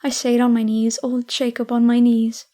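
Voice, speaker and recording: A woman's voice: a little high, completely flat delivery, moderate pace, mellow, natural voice. A woman voicing an overjoyed, repentant old miser in an audiobook, talking in fervent, breathless exclamations. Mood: ecstatic. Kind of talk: audiobook character reading.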